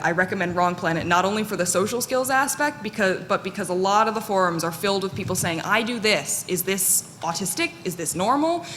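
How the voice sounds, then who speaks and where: A woman giving a live conference talk in a fairly monotone, candid and self-deprecating way, with plenty of fillers. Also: lowish voice. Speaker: conference speaker. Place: conference hall. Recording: echoey hall with faint noise.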